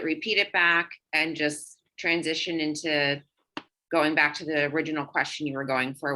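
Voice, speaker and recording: A woman's voice: low-pitched, sharp tone, rough recording. A woman on a team training call sharing what she learned, a little hesitant and starting with fillers. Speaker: team member sharing a takeaway.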